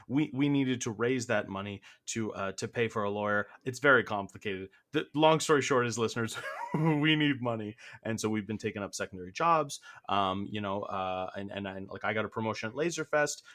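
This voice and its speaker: Young guy co-hosting an improv comedy pod, bright voice, rambles n laughs, cuts himself off, bit winded. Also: fairly low pitch, moderate pace. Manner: rambling, self-interrupting, laughing. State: out of breath. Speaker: co-host.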